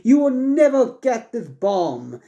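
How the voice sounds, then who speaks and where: A man voicing an earnest young male student hero in a fan story, with startled, hurried exclamations. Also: extremely high pitch, big pitch swings, warm tone, lo-fi sound, voice pushed up, heavily acted. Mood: mock villain.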